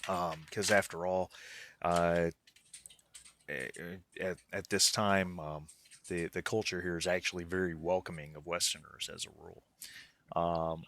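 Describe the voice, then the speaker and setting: Man, game master, very low voice, rambling with fillers, casual tabletop narration. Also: sharp tone, no echo. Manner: rambling, many fillers and restarts.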